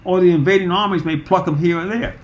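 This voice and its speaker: A man's voice: sits high, fairly even intonation, quick pace. Emphatic man teaching the Bible. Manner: emphatic, repeats words, many fillers.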